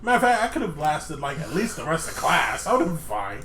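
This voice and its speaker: A man's voice: a little high, very animated, quick pace, a bit bright, slight background noise. A young man co-hosting a podcast, telling an embarrassing story in casual chat and laughing as he goes. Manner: laughs through his own stories. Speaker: podcast co-host. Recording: echoey room.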